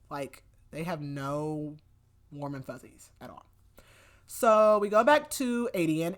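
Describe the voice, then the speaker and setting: A young adult woman hosting a podcast, casually retelling a book's plot with lots of "like" fillers and loose quoted lines. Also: low-pitched. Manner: chatty, many "like" fillers, acts out quotes loosely. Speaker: podcast host. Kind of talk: casual book recap.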